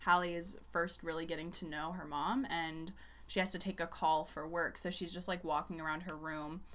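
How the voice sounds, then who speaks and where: A woman's voice: deep voice, fairly even intonation, normal speed, fairly bright tone. Chatty young woman gushing about a movie. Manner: enthusiastic, chatty, laughs often, frequent "like". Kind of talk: casual chat about a movie.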